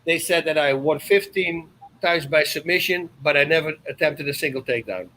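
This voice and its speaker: A man with a Dutch accent tells a story in a bright, forceful voice that sits a little high for a man. He talks in an animated way and breaks into loud exclamations now and then. A light hiss of noise stays behind him. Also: normal speed, rough recording. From Netherlands. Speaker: podcast guest. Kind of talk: casual storytelling.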